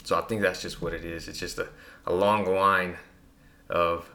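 A man with a low, gravelly voice that still has a bright edge tells personal stories in an easygoing, casual way. He keeps the talk loose and conversational, full of fillers and small restarts. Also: normal speed, slight background noise. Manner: relaxed storytelling with many fillers. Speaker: guest.

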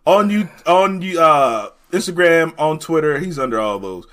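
Male podcast host, higher voice, swooping, loud profane banter. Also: lively intonation, moderate pace. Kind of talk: casual chat.

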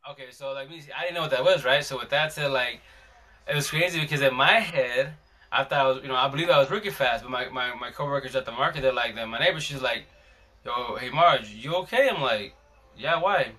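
A man's voice: medium pitch, fast talker, pushed and bright. A man hosting a live stream, casually telling a long story in a rambling, slangy way with many restarts.

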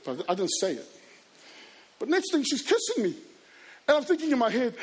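A man telling personal stories to a live audience, animated and acting out scenes and voices. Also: extremely high pitch, fairly quick, pauses often, a little hiss or hum. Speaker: youth speaker. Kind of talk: storytelling talk to an audience.

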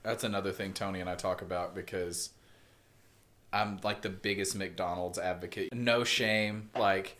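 Low-voiced laid-back man. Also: fairly even intonation, normal speed, a bit bright. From United States. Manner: laid-back storytelling, swearing, laughing often. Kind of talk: casual chat.

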